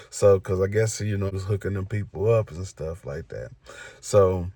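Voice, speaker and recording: A man's voice: low-pitched, moderate pace, mellow, no room sound. A man telling a story in a casual storytime vlog, loose and rambling, with many fillers. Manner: loose, rambling, filler "you know what I'm saying".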